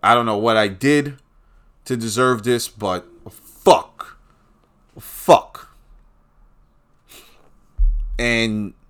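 A man delivering a profane political rant, swinging between low muttering and loud outbursts.

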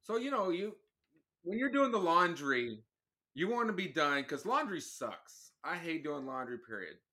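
A man's voice: a little high, very animated, normal speed, bright, forceful tone. A man guesting on a podcast with his wife, chatting in an easygoing, rambling way and often restarting his sentences. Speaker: podcast guest, co-host's husband. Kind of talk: casual chat.

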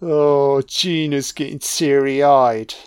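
A man's voice: medium pitch, fairly even intonation, slow, darkish tone, clear, resonant tone, no room sound. Male film commentator: mocking, profane, with a dead-dry mic and no room. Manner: sarcastic, mocking, heavy swearing. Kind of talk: audio-only film commentary rant.

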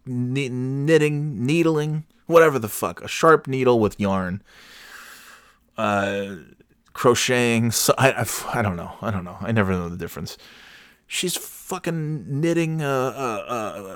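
A man's voice: on the low side, normal speed, dry recording, clean studio sound. A middle-aged man telling a story in a casual, profane and exasperated rant, full of restarts and sarcastic asides.

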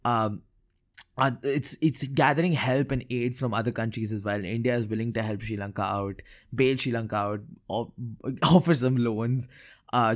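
A young man hosting a solo podcast episode, talking casually about current affairs, often stammering and repeating words and laughing at himself. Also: medium pitch. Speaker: podcast host.

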